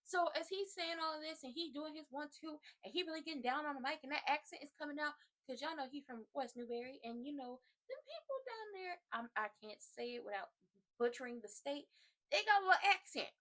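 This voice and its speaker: A woman's voice: sits high, fairly even intonation, fast talker, fairly bright tone. A woman vlogger ranting through a wrestling recap in a chatty, slangy, sassy way.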